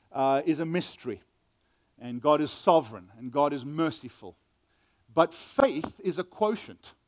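A male pastor preaching an animated sermon, reading scripture aloud and acting out the voices of the people in it. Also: a little high. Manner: animated Bible reading and teaching with dramatic voices.

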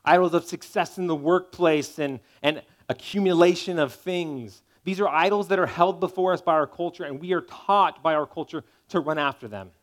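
Man, pastor, sermon, somewhat high pitch, emphatic conversational delivery. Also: normal speed, hardly any pauses. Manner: conversational preaching, emphatic, checks in with "right?".

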